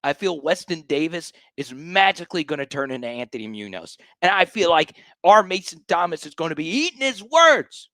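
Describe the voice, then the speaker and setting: A man's voice: on the high side, big pitch swings, fairly quick, few pauses, a bit bright, no echo. A man hosting a sports fan livestream, ranting in a fired-up, hyped way and repeating lines for emphasis. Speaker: sports show host.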